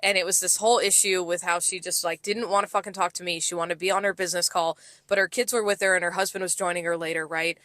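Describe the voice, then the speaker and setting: A young woman, a restaurant server co-hosting a podcast, telling stories in a casual, profane, animated way. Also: on the low side, fast talker, hardly any pauses, dry recording. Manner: profane, animated storytelling that acts out customers. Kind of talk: casual chat.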